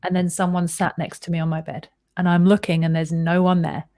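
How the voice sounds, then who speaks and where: A woman with a lowish voice hosts a podcast, speaking a little fast over clean, dry studio sound. She shares a personal story openly and energetically, swearing without hesitation and mimicking the people she quotes.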